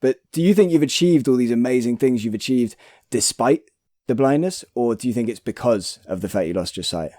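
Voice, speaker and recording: A man's voice: mid-range voice, expressive, a little fast, a little mellow, dry recording, clean studio sound. A man hosting a podcast interview, friendly and chatty, often affirming his guest and loosely framing his questions. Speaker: podcast host. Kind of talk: casual interview.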